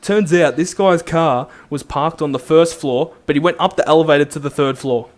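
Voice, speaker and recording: A young man, a co-host, telling an animated story in casual chat. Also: a little high. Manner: animated storyteller, does quick voices in quotes. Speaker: podcast co-host.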